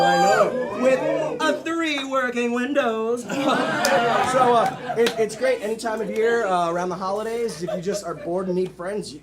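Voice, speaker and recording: A man hosting a live improv comedy show, bantering and joking with the audience from the stage. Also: high voice. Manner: upbeat, joking crowd banter. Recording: live room with crowd and noise.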